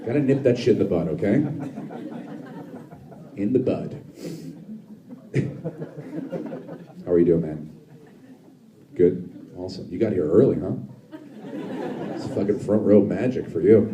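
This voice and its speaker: A man's voice: on the low side, lively intonation, a little slow, long pauses, noisy background. A man in his thirties doing live stand-up comedy in a club, brash and profane, bantering with the crowd. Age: 30s. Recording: echoey club, distant mic, crowd. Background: audience laughter.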